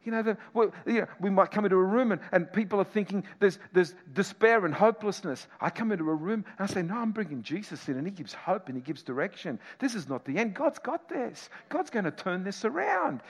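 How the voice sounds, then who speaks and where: A middle-aged male pastor preaching a sermon, moving between loud exhortation and quiet reflection. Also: high voice, lively intonation, brisk, hardly any pauses, big-room sound.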